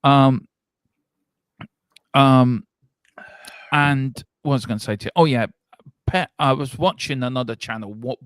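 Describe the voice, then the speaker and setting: A man's voice: mid-range voice, no room sound. Chatty man reading fan comments. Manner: chatty, reads viewer comments aloud with quick asides. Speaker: fan show co-host. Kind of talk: casual live-stream chat reading comments.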